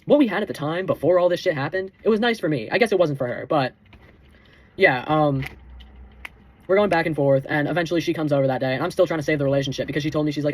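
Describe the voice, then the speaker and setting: A man's voice: fairly high pitch, fast talker, slight background noise. A teenage boy telling a heated storytime rant, swearing constantly and calling the listener bro and dude. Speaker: vlogger.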